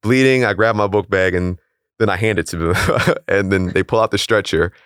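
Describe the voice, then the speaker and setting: A young man calmly and plainly recounting a personal story in a casual interview. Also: on the low side, normal speed, smooth, dry recording, studio quality. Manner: calm, matter-of-fact, chuckles at odd details.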